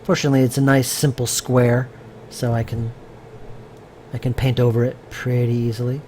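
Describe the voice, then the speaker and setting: Speaking at a normal speed in a level, darkish mid-range voice, this man is a game developer giving casual commentary during a live stream of his work. He thinks aloud, rambles with fillers and restarts, and responds to chat over slight background noise.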